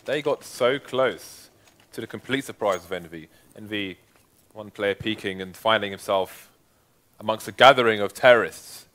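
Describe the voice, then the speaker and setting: A male color commentator on a live esports broadcast, with a bright, forceful tone. He talks with emphatic, playful hype, leaning hard on the players he rates. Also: fairly low pitch, moderate pace.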